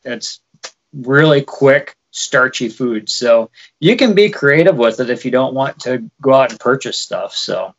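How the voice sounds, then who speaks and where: A man's voice: medium pitch, expressive, measured pace, muffled recording. A man with a light Wisconsin accent co-hosting a podcast, chatting casually and explaining with frequent fillers. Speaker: podcast co-host. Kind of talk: casual chat.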